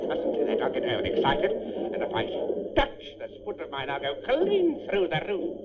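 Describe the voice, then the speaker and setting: A man's voice: fairly high pitch, wildly swooping pitch, normal speed. A man in a candid radio comedy sketch, grumbling and ranting in a complaining way. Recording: dull old radio recording with faint hiss.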